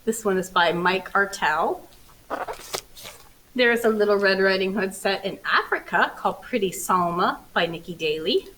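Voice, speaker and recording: A woman librarian reading a storybook aloud to children, expressive and animated, with playful asides. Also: mid-range voice, moderate pace, background noise.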